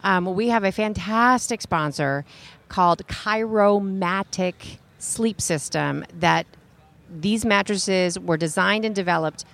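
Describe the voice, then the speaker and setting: A woman's voice: medium pitch, slow pace, gravelly, a bit bright. A woman co-hosting a talk radio show, talking casually with lots of fillers. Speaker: radio co-host.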